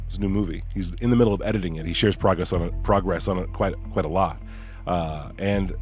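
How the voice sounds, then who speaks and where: A young man hosting a podcast in casual chat, rambling through ideas with many fillers and sudden excited bursts. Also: sits low. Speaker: podcast host.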